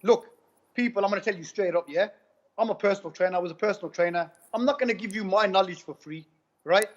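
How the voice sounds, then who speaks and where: A man giving an animated testimonial, retelling conversations in a rapid, repetitive way. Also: sits high. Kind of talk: animated personal storytelling. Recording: dull lo-fi recording.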